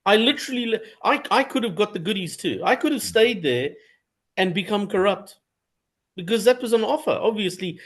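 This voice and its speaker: A man's voice: high-pitched, lively intonation, a little fast, fairly bright tone, breathy edge. A man from Africa, a professor interviewed as a guest, who speaks in an emphatic and opinionated way. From South Africa. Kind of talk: sit-down interview.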